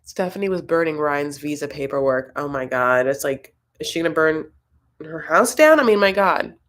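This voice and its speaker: A woman's voice: sits low, expressive, normal speed, a bit bright. A young woman hosting a casual live-stream chat from home, rambling through her thoughts and reading viewer comments aloud. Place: home, Los Angeles.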